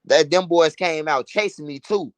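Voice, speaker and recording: A man casually telling a profane, animated street story, repeating phrases for emphasis. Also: fairly high pitch, normal speed, dry recording.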